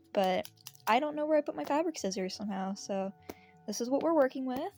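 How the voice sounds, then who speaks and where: A woman with a sick, hoarse voice, chatting casually through a sewing vlog and laughing at herself. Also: sits high, expressive, normal speed, faint music behind. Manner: chatty, self-deprecating, soft laughs. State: out of breath. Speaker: sewing vlogger. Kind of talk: casual crafting vlog chat.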